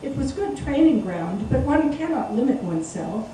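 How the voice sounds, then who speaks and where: A woman's voice: high voice, big pitch swings, moderate pace, mellow, a little hiss or hum, pitched above the performer's own voice. A woman voicing a haughty young businesswoman with an American accent, snappish and dismissive, recorded live in an echoey room from a distance.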